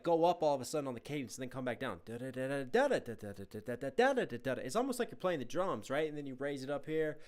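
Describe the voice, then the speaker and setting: A man's voice: fairly high pitch, a bit bright. Enthusiastic man breaking down rap. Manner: enthusiastic, analytical, imitates flows with scat syllables. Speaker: reaction video host, rapper. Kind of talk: casual music breakdown commentary.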